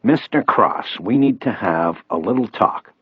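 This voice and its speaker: A man voicing a menacing male federal agent who taunts and threatens in a deep, husky voice. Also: expressive, unhurried, no room sound, phone-quality sound.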